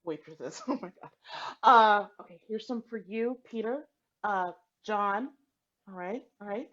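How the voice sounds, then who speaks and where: A woman's voice: medium pitch, measured pace, a bit bright, dull audio, close to an everyday voice. A woman playing Jesus as an anxious, suspicious man in his thirties, rambling through defensive apologies over a video call. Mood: flustered.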